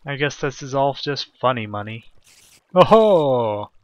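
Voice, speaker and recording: A man talking quietly to himself as he plays a video game, in a self-deprecating manner. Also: mid-range voice, moderate pace. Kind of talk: let's play commentary. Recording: dull lo-fi recording.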